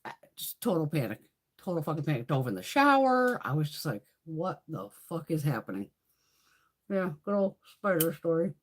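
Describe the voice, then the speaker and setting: A middle-aged woman chatting on a live stream, telling a story in a profane, animated way with a husky voice. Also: sits low, brisk. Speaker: beauty vlogger. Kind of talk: casual live-stream chat.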